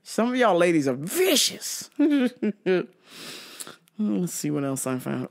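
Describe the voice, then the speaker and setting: Comedy podcast host: man, unhurried, swinging pitch, swears a lot, cracks himself up. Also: lively intonation. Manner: profane, laughing often, storytelling. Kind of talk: casual comedic monologue.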